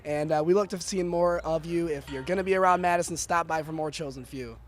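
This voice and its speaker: A man's voice: fairly high pitch, a little fast, a little hiss or hum. A man interviewing a fighter after his win, asking casual, hesitant questions with fillers. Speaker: cageside interviewer.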